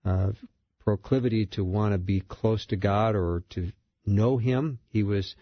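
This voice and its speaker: A man's voice: lowish voice, unhurried, no echo, dull audio. A man hosting a recovery radio talk show in the studio, with an upbeat announcer delivery.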